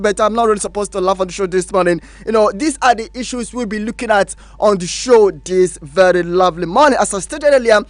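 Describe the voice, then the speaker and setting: A man's voice: high voice, a little fast, few pauses, no room sound. A man with a Nigerian English accent hosting a morning radio news and politics show, emphatic and repetitive, with frequent fillers. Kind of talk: radio talk show commentary. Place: radio studio.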